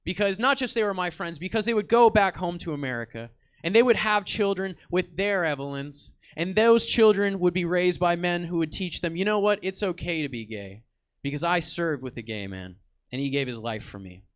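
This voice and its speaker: Guy putting on an earnest old soldier ghost, stammers a lot, smooth kinda high voice. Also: lively intonation. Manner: halting, stammering, heartfelt.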